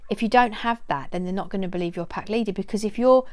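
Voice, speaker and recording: A woman's voice: mid-range voice, fast talker, a little mellow. A middle-aged woman giving casual advice to camera, earnest and repeating her key points. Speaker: dog owner giving training advice.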